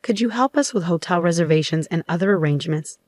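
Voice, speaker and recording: A woman's voice: on the low side, expressive, fast, a little mellow, close to an everyday voice. A woman voicing a cold, demanding middle-aged mother-in-law in a narrated story. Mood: cool, pushy. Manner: demanding and icy.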